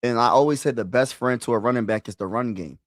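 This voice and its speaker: A man giving excitable, slangy live play-by-play and reaction on his stream, his voice rising when he calls big plays. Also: medium pitch, fast talker, dry recording, studio quality. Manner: excitable, slangy, talks to viewers as "bro"; rises loudly when calling big plays. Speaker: sports streamer.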